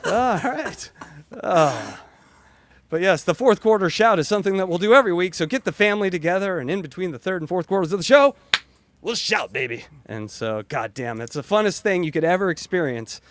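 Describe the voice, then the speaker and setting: A man co-hosting a casual sports podcast, loud, profane and jokey. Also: high-pitched, expressive, fairly quick, background noise. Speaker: podcast co-host.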